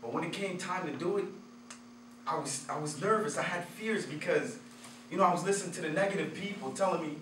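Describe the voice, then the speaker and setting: A man's voice: high voice, fairly bright tone. A man giving a motivational talk, telling candid personal stories and chuckling at his own stories. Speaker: motivational speaker. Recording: roomy echo, distant from the mic, faint noise.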